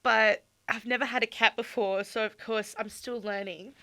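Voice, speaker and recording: Bright-voiced easygoing woman. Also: on the high side, steady tone, normal speed. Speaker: youth radio podcast co-host. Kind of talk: casual chat. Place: radio studio.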